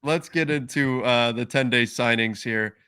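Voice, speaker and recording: A man's voice: mid-range voice, unhurried, pushed and bright, clean tone. A man hosting a basketball podcast, tossing easygoing questions to his co-host in casual chat. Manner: easygoing, prompts the guest with questions.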